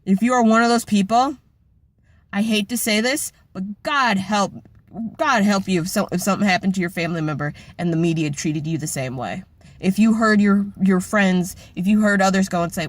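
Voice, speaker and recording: A woman's voice: medium pitch, moderate pace. An impassioned young woman vlogging at home, talking straight to her camera with blunt, profanity-laden intensity. The sound is dry and close, with no room echo. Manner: impassioned, blunt, heavy swearing. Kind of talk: emotional personal vlog rant.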